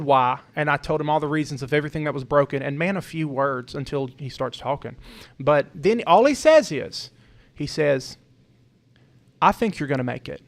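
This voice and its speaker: A young man talks earnestly on a podcast, his voice sitting a little high. He rambles through a personal story, starting sentences over and circling back. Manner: earnest, rambling, with many restarts. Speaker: podcast co-host. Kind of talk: casual storytelling talk.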